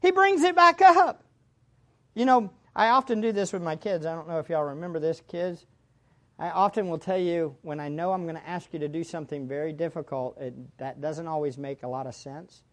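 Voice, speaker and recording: A woman preaching a sermon, speaking to her listeners directly, repeating key phrases and swinging between loud and hushed. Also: low-pitched, normal speed. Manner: addresses the congregation directly.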